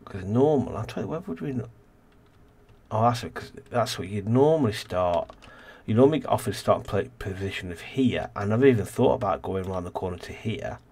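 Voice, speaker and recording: A man's voice: fairly low pitch, animated, moderate pace, a little mellow, husky. A man casually commentating a city-building game as host, rambling and thinking aloud, tired and yawning. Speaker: let's play host.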